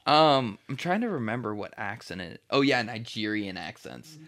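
A man with a bright, forward voice that swings widely in pitch, bantering crudely on a podcast. He laughs a lot, swears freely and trails off with ums between jokes. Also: sing-song, normal speed. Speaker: podcast co-host.

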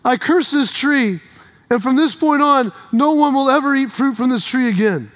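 A preacher voicing a stern teacher pronouncing a curse. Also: male voice, extremely high pitch, moderate pace, fairly bright tone. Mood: solemn.

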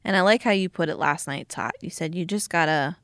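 Woman, thirties, podcast host, animated storyteller, fairly low voice, dry recording. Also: fairly quick, dry recording. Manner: animated storytelling, acts out quotes loudly. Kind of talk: casual chat.

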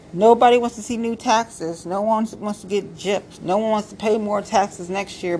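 A woman's voice: medium pitch, a little mellow, a little hiss or hum. A woman talking bluntly about local politics in a casual, sassy, profane rant, stressing her points and repeating them. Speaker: political commentator.

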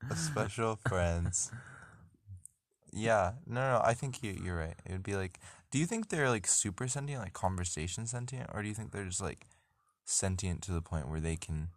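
A man's voice: fairly low pitch, lively intonation, moderate pace, no echo, studio quality. Young man rambling in casual chat. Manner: rambling, full of fillers and restarts, laughing. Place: blanket fort.

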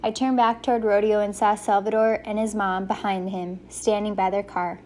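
A woman reading a first-person story aloud as an audiobook narrator, giving the characters lively voices. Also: mid-range voice, moderate pace.

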